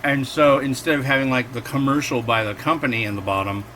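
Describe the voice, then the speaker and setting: Bright-toned man in his forties, casual rambling host, soft hum behind. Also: medium pitch, steady tone, fast talker. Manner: rambling and digressive, acts out quotes. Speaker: instant noodle reviewer and host. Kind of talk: casual chatty cooking vlog.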